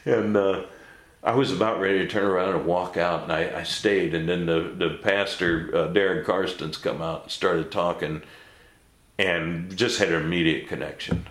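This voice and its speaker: A man's voice: deep voice, fairly even intonation, moderate pace, a bit bright, echoey room. A man recounting his life story in a casual interview, blunt and laughing often between stories. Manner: blunt, mild swearing. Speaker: interview guest.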